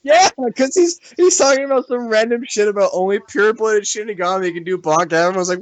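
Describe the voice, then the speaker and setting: A man's voice: high-pitched, fast talker, few pauses. A man co-hosting a casual fan podcast, rambling through a story with many fillers. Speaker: podcast co-host. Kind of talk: casual chat.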